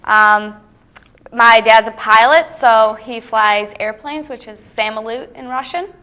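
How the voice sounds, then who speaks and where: Young female bachelorette contestant, bright, somewhat high voice, hesitant and easygoing answers. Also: takes it slowly. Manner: hesitant, filler-heavy, easygoing. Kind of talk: comedic dating game show.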